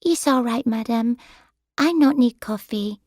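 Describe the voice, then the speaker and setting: A woman's voice: fairly high pitch, a little slow, darkish tone, dry recording, clean studio sound, voice pushed up. A woman voicing a young female carer with a Filipino accent who speaks broken, polite English. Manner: polite, apologetic, simple grammar.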